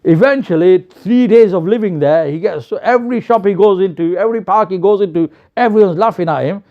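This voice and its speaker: Young preacher, animated storyteller, bright high voice, slightly muffled recording. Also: male voice, a little fast. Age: young adult. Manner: lively, animated storytelling with acted quotes. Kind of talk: storytelling sermon. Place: mosque.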